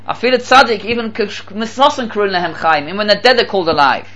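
A man giving a Torah talk as a sermon, animated and repeating phrases for emphasis, with Hebrew terms mixed in. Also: high voice, fast, few pauses. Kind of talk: sermon with storytelling.

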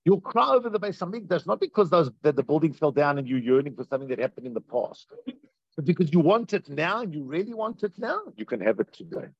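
A man teaching a Torah class as a rabbi, animated and repeating phrases for emphasis. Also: a little high, fast, gravelly, dry recording, muffled recording. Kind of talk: Torah class on Tisha B'Av.

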